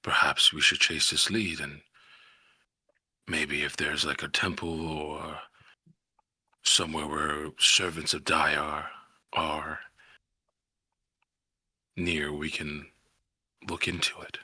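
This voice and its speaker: Very deep slow man, hesitant role-play. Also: flat delivery, bright, forceful tone, husky, no echo, studio quality. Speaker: player in a tabletop game.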